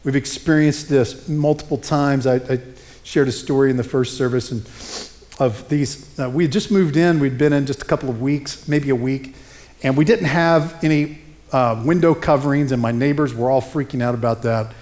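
A middle-aged male pastor preaching a sermon, telling stories in an animated, conversational way. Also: medium pitch, moderate pace.

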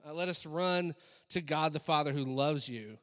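A male pastor delivers a sermon in a loose, conversational way, filling pauses with ums and uhs. His voice sits a little high for a man. Long reverb from a large hall trails each phrase. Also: a bit bright. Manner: conversational preaching with many fillers.

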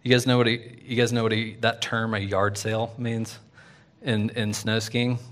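A man preaching a sermon in a casual, conversational way, full of fillers and "right?", swinging from loud and lively to quiet. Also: lowish voice, normal speed. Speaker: pastor.

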